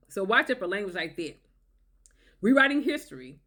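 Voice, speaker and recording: A woman's voice: a little high, expressive, a little fast. Woman doing an advice vlog, emphatic, keeps saying okay, repeats points. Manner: emphatic, repetitive, checks in with "okay?". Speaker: relationship advice vlogger. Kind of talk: direct-to-camera advice talk.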